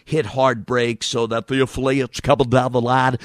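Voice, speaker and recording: A man hosting a casual comedy podcast, joking and rambling between quick impressions. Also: mid-range voice, little pitch movement, no echo, studio quality. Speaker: podcast host.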